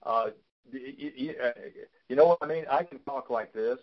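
A man's voice: medium pitch, normal speed, highs cut off. A man coaching a client on a call, giving frank, fatherly advice and often repeating words as he talks. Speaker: business consultant.

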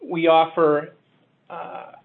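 Man, hesitant pitch practice, flat delivery, tinny phone-like sound. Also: drawn-out words, creaky. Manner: hesitant, many fillers.

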